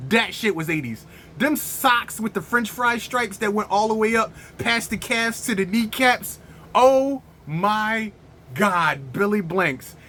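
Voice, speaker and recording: A man hosting a casual movie review, talking in excited slang and often breaking into laughter. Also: high-pitched, a little hiss or hum.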